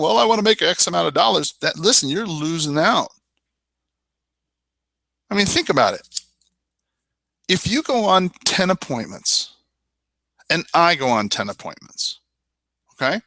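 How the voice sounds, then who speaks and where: A real estate sales trainer leads a webinar, speaking directly to the listener and tossing out rhetorical questions. His slightly high voice is very lively, swinging widely in pitch, with a bright, punchy tone, and he's emphatic and persuasive, repeating "I mean" and "you know." The sound is close and dry with no echo.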